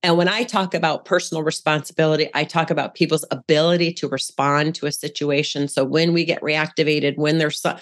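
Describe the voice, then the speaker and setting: A woman's voice: sits low, steady tone, fairly quick, few pauses. A woman speaking as a podcast guest in casual conversation, frank and down-to-earth, with a coaching tone.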